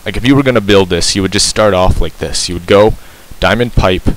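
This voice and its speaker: Low-voiced man explaining a game, rambling. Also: fairly quick, low-quality recording. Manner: rambling, self-correcting, frequent ums. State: breathing heavily. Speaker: game tutorial maker. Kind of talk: casual gameplay tutorial. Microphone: cheap mic very close to mouth.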